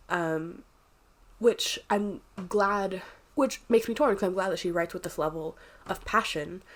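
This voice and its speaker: A congested, sniffly woman giving a chatty, rambling and candid casual book review. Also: mid-range voice.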